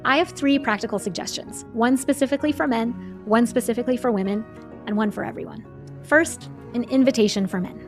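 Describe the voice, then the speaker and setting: A woman hosting a podcast, delivering a calm, earnest scripted monologue in a measured way. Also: fairly high pitch, over music. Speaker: podcast host.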